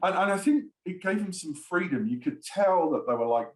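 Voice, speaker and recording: A man's voice: sits high, lively intonation, normal speed, few pauses, echoey room, rough recording. A man, a screenwriter and producer, chatting in an interview, rambling with lots of fillers and frequent laughs. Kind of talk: casual interview chat.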